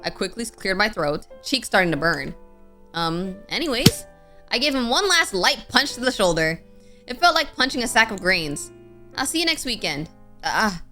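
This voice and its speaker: Bright, expressive young woman reading a game aloud. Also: mid-range voice, moderate pace, soft background music. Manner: expressive, with sudden playful outbursts. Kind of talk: dramatic reading with casual asides.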